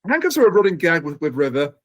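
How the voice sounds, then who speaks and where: Chatty man recapping with a higher voice. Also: sing-song, quick pace. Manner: recaps plot eagerly, chatty. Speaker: podcast host. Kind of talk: casual chat.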